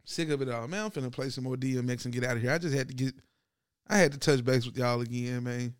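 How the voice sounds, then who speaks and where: A man hosting his own podcast, talking sports in a loose, slangy monologue that swings from loud to low and subdued. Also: quick pace, clean tone, dry recording, clean studio sound. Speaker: podcast host. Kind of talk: casual sports talk monologue.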